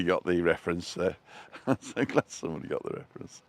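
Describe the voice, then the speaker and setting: Deep-voiced man chatting on a stroll. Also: lively intonation, fairly quick, no room sound. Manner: chatty, greets viewers by name. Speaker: vlogger. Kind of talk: live-stream walking tour. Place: outdoors on town streets.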